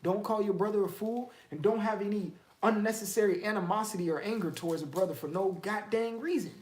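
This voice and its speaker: A man's voice: sits high, fairly quick, darkish tone, echoey room. A man teaching the Bible in a casual, streetwise way, firing off emphatic rhetorical questions.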